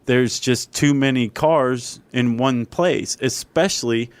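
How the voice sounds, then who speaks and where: A man's voice: mid-range voice, takes it slowly, smooth, no room sound. A man co-hosting a casual podcast chat, explaining ideas with dry sarcasm. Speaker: podcast co-host.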